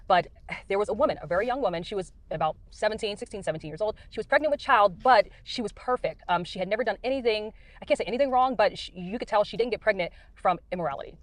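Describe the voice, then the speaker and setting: A middle-aged American woman talks quickly and earnestly from inside her car, drifting and looping back with plenty of fillers. Her voice sits close and dry, with no room around it. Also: mid-range voice, no room sound. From United States. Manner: earnest, rambling, many fillers. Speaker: Christian speaker sharing dreams. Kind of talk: casual testimony.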